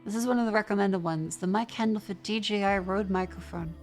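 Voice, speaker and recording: A woman's voice: mid-range voice, fairly even intonation, normal speed, pauses often, soft background music. Chatty Australian woman streamer. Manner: chatty, reads chat aloud, stumbles and restarts. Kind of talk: casual live-stream chat.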